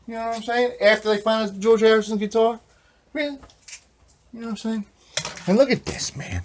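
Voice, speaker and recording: A man vlogging about guitars in a rambling, excitable, conspiratorial way, tossing in filler phrases constantly. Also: high voice, normal speed, long pauses, a little hiss or hum. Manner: excitable, conspiratorial, constantly says "man" and "you know what I mean". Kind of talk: rambling casual show-and-tell.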